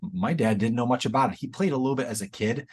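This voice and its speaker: A man's voice: mid-range voice, fast talker, a little mellow, slightly rough. A man in his forties, a teacher and author, speaking as an enthusiastic, encouraging podcast guest. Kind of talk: casual interview chat.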